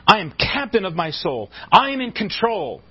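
Husky-voiced man preaching a sermon. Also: high voice, big pitch swings, normal speed, lo-fi sound. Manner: emphatic preaching with frequent stumbles and repeated words. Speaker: pastor.

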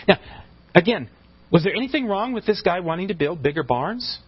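A man's voice: high-pitched, lively intonation, fairly quick, slightly rough, muffled recording. A pastor preaching a sermon, emphatic and often restarting and repeating his words mid-sentence.

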